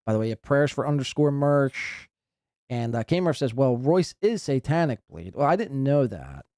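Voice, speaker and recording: A man's voice: medium pitch, big pitch swings, normal speed, a little mellow, no echo, clean studio sound. A man hosting a live podcast, giving crude, sarcastic commentary as he reacts to clips.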